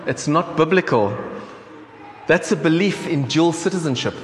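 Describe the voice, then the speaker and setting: A man's voice: on the high side, animated, moderate pace. A man from South Africa with a South African accent, preaching a sermon in a casual, conversational way with many ums and restarts. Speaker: pastor. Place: church hall. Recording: echoey church hall with faint room noise.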